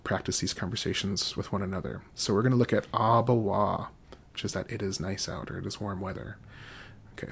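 A man with a low, gravelly and somewhat husky voice teaches a podcast language lesson. He says each phrase slowly two or three times before explaining it. Between the drills he talks casually, with plenty of fillers. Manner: slow, repeated drilling of phrases.

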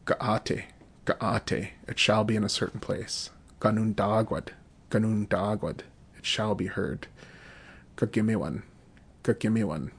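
A man teaching a podcast language lesson, saying each phrase slowly several times, then giving the meaning and explaining the grammar in a relaxed, casual way. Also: on the low side. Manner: slow, repeated drilling of phrases.

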